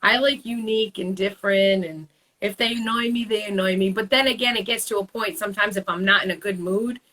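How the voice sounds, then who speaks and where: Blunt, bright-voiced woman host. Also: medium pitch, steady tone, a little fast, poor audio. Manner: blunt, swears freely. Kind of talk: casual chat.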